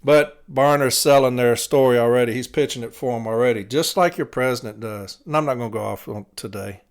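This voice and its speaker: A man's voice: medium pitch, a little fast. A tired man hosts his own show, talking bluntly and with plenty of profanity. He lays out his grievances in a casual, fired-up monologue. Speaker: podcast host, city letter carrier.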